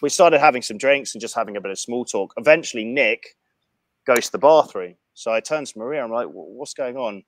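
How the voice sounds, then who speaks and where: A man telling a profane anecdote in casual chat, animated and frank. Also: mid-range voice, fairly quick, no echo. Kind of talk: casual storytelling.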